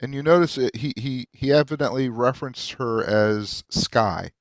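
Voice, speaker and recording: A man narrating a tabletop game as game master, halting with many fillers. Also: mid-range voice, no room sound.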